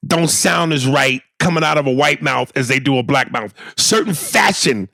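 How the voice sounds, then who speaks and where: A man co-hosting a podcast in casual chat, animated and swearing freely. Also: mid-range voice, moderate pace, vocal fry, no echo, studio quality. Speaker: podcast co-host.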